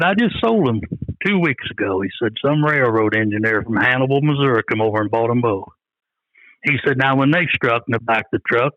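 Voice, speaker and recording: A man's voice: medium pitch, dry recording, muffled recording. An older man telling rambling, folksy stories in an interview, often quoting what others said. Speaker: guest, coon hunter. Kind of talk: storytelling in an interview.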